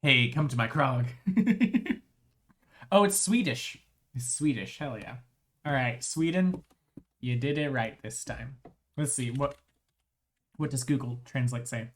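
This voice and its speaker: A live streamer in casual chat, rambling and restarting phrases, voice strained with frequent throat clearing. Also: medium pitch, lively intonation, takes it slowly, long pauses, darkish tone.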